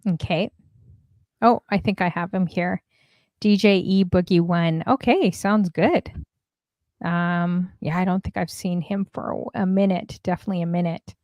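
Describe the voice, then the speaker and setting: A woman's voice: fairly low pitch, fairly even intonation, moderate pace, darkish tone, no room sound, lo-fi sound. A woman hosting a casual livestream, chatting and reading viewer messages aloud with lots of fillers. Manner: chatty, many fillers, reads comments aloud. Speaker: stream host.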